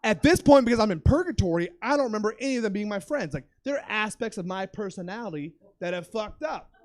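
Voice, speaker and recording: High-voiced and quick, a young stand-up comic on a club stage tells a profane story with lots of animation, bursting into shouted impressions.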